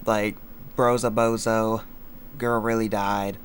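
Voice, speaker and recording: A young man chats on a late-night stream, rambling through his own lyrics with heavy fillers and slang. His voice sits on the low side, with faint noise in the background. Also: level tone, slow. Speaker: streamer explaining his song. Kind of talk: casual livestream chat.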